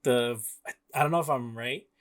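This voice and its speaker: Young male co-host, mid-pitched, rambly and laugh-prone, casual game chat. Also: brisk. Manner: rambling, laughs often, many fillers. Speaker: podcast co-host.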